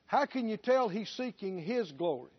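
High-voiced preacher man firing off questions at the congregation, muffled lo-fi sound. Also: very animated, normal speed. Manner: rhetorical questions, emphatic. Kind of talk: sermon. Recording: dull lo-fi recording.

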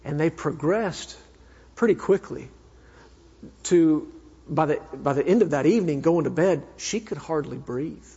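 A man preaching a sermon as a minister, telling a personal story in an earnest way that swings between fervent and hushed. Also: a little high, expressive, unhurried, slightly rough. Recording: echoey hall, dull sound.

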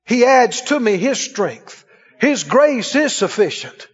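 A man's voice: extremely high pitch, sing-song, slow pace, husky, soft background music. A man preaching a sermon, chuckling often and asking the congregation questions. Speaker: pastor. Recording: dull, lo-fi sound in a reverberant hall.

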